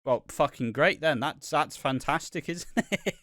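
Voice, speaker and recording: Another British podcast co-host, this one with a fairly high, slightly bright voice, discusses a soap episode at a measured pace. He's casual and animated, often swearing and acting out lines, and the clean studio sound has no echo.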